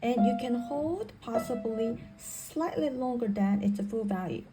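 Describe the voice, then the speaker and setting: An unhurried woman with a warm, slightly high voice walks through piano technique, patiently repeating and rewording each point. Faint piano music sounds behind her, and the recording is rough.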